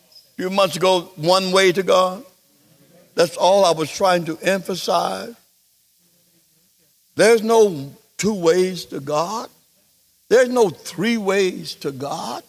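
A male preacher delivering a sermon, slow and emphatic, repeating phrases for stress. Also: sits high, vocal fry.

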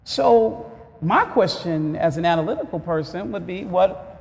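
A man preaching as a pastor, moving from relaxed conversational talk to loud shouted call-and-response preaching with rhetorical questions. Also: high voice, slow, big-room sound. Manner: asks rhetorical questions to the congregation. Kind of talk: sermon.

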